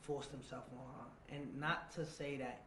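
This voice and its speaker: A man's voice: mid-range voice, fairly even intonation, a little slow, sharp tone, slight background noise. Intense storyteller man, echoey room. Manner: repeats dates and phrases, swears, drops to a near-whisper at painful parts. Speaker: interview guest. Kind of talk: emotional personal storytelling. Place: seated indoors across from the interviewer.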